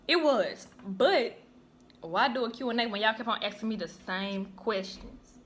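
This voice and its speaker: Young woman, casual storyteller, lively delivery, faint background noise. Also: a little high, normal speed. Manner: chatty, animated, acts out quoted voices. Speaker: YouTuber. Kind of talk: casual storytelling while eating.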